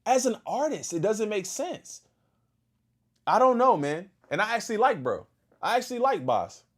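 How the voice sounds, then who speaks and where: Male streamer, higher-pitched, exasperated reaction commentary. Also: big pitch swings, normal speed. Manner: exasperated, questioning, repeats himself. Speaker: host reacting to a video.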